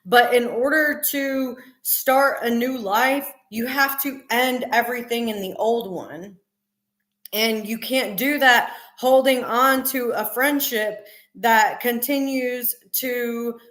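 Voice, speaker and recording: A woman's voice: fairly high pitch, fairly bright tone. A middle-aged woman hosting a casual live stream, talking earnestly and emphatically with many fillers. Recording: roomy echo.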